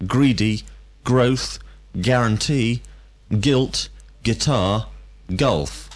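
A man reading a vocabulary list for learners with clear, deliberate enunciation. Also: medium pitch. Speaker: vocabulary reader.

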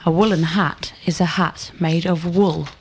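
A woman giving measured, full-sentence answers in a scripted language drill. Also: lowish voice, steady tone, slight background noise. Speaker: model student.

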